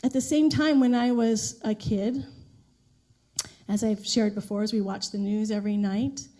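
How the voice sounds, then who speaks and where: A middle-aged woman minister giving a sermon in a conversational storytelling way, with restarts and soft laughs. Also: mid-range voice, steady tone, normal speed. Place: church sanctuary.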